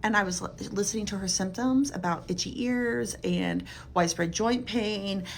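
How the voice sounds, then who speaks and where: A middle-aged woman physical therapist talks straight to camera in a casual, chatty way. She is earnest and emphatic, with a mid-range pitch. A faint low rumble sits under her voice. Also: normal speed.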